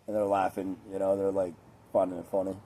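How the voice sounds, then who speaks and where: A man's voice: low voice, monotone, fast, mellow, a little hiss or hum. A young man rambling casually in a laid-back, profane, chatty way with lots of fillers.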